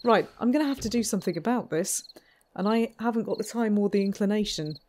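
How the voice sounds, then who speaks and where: A woman's voice: mid-range voice, quick pace, darkish tone, slight background noise. A woman hosting a let's play, commenting on her own game in a chatty, self-mocking way with frequent giggles. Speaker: gaming channel host.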